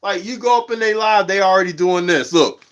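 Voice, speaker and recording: A man with a slightly high voice chats loosely on his livestream, full of slang and "you know what I'm saying." He gets animated and jumps up in pitch when he tells a story. His nose is a little stuffy from allergies. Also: brisk. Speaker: livestream host. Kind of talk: casual livestream chat.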